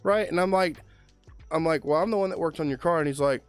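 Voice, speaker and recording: A man's voice: a little high, fast talker, smooth, faint music behind. A young man, a car mechanic co-hosting a podcast, telling a long shop story in casual, profane chat. He keeps tagging lines with "man" and "right?". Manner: animated storyteller, heavy swearing, filler "man" and "right?".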